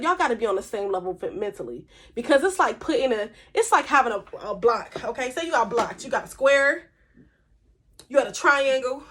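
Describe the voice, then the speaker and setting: A woman's voice: a little high, a bit bright. A woman, talking candidly and emphatically to camera in a casual vlog monologue. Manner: candid, emphatic, conversational with slang. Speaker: vlogger.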